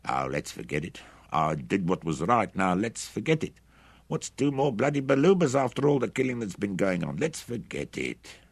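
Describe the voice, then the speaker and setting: A man voicing a crude, defiant male mercenary who talks loud and taunting. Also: lowish voice, normal speed, creaky, hardly any pauses, no room sound, voice pushed up. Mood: dismissive.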